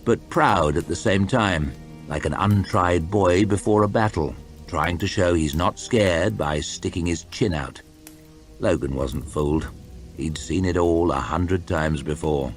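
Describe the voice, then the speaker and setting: A man reading a fantasy novel aloud in an expressive storytime style. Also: deep voice, measured pace, soft background music. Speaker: audiobook reader.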